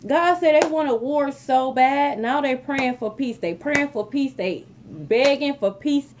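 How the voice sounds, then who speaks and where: A woman delivers a tarot reading in a high, animated voice, repeating herself and dropping frequent "okay?" asides. The recording is a little dull and lo-fi. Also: measured pace, a little hiss or hum. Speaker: tarot reader. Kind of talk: casual tarot reading to viewers.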